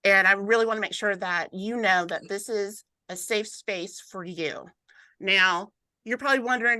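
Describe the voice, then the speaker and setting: A woman's voice: mid-range voice, moderate pace, pushed and bright, dry recording, poor audio. A woman with a Southern US accent from Atlanta, hosting a casual webinar in an upbeat, chatty way. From Atlanta, Georgia. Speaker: host.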